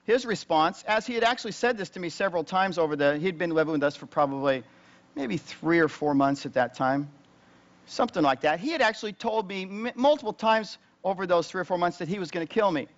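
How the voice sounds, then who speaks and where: A male pastor with a notably high voice delivers a sermon as a story told to his congregation. He talks plainly and conversationally, then climbs higher and louder in the tense parts. The recording sounds dull and lo-fi. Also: expressive, brisk. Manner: conversational, rising loud and high when retelling tense moments.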